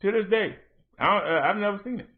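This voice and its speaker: High-voiced man ranting on tinny audio. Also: fast. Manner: confrontational, reads out messages and answers them. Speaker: livestream host. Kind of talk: heated livestream rant.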